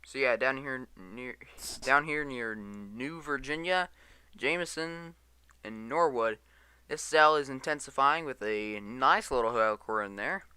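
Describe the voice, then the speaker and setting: A man's voice: medium pitch, a little slow, sharp tone, smooth, dry recording. A tired man giving live weather radar commentary, reading storm warnings aloud and stumbling over place names. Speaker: storm chaser livestreamer.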